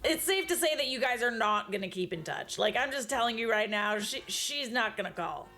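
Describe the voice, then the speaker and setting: A woman's voice: fairly high pitch, lively intonation, sharp tone, soft background music. A woman streamer hosts a reaction show, bubbly and exclaiming. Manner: bubbly, exclaiming, quick to laugh. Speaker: streamer and host reacting to videos. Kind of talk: live-stream reaction commentary.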